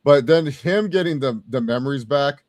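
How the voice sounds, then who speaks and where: Young male co-host, casual review banter, animated, middle pitch, dry close sound. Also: normal speed, no echo. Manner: animated, swears freely, acts out quotes. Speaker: co-host of a movie review show. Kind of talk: casual podcast chat.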